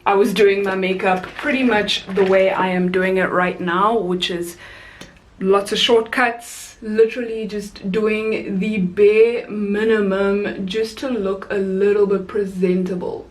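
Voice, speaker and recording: A young woman from South Africa chats away while doing her makeup, telling a story from work as a flight attendant. She talks in a casual, animated way. Her voice sits at an ordinary middle pitch. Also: measured pace. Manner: chatty, animated storyteller, rising high for quoted voices.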